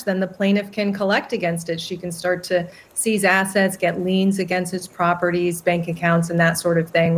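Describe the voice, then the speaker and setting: A woman giving legal analysis in a news interview, measured and explanatory. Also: lowish voice.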